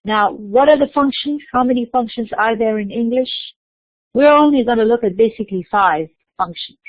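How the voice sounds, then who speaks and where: A woman giving a recorded university lecture, explaining slowly and mixing in terms. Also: on the high side, no echo. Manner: explains slowly, spelling out letters, slipping into Arabic terms. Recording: dry tinny phone-like recording.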